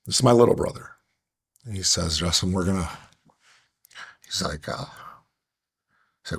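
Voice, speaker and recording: A man earnestly recounting a hard personal story as a podcast guest, halting with restarts and fillers. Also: deep voice, slightly rough.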